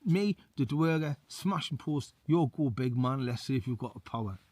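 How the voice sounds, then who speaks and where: A grumpy male dwarf spirit throws out a challenge in blunt, matey slang, as a man puts him on. The pitch sits in an ordinary middle range. The sound is dry, with no room echo. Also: animated, moderate pace, warm tone, lightly acted. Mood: taunting. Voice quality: blokey mate-talk.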